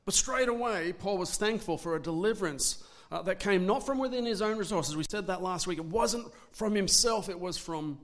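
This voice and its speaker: A man preaching a sermon in an earnest way, sometimes restarting words and slowing down for emphasis. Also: sits high. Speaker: pastor.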